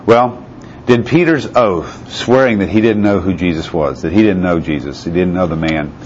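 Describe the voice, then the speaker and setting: A man with a deep, low voice delivers a sermon. He reads out scripture and keeps asking his listeners questions. The recording is a little muffled, with a faint hiss behind it. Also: moderate pace. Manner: asks the listeners rhetorical questions. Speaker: preacher.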